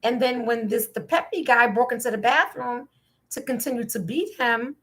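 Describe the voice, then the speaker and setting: A woman's voice: a little high, moderate pace, fairly bright tone. A woman from New Jersey hosting a casual opinion talk show, rambling and incredulous as she questions the news. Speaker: podcast host.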